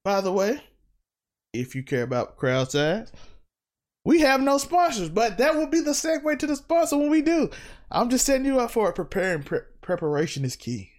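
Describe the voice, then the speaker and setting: A man hosting a podcast in casual chat, joking with quick asides. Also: very high voice, sing-song. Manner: joking, acts out relatives' voices, quick asides. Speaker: podcast host.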